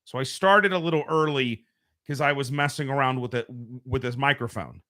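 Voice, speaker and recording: Speaking at a moderate pace in a medium-pitched voice that's pushed and bright, this American show host streams casually from home over a home streaming mic. He chats, rambles, and corrects himself along the way.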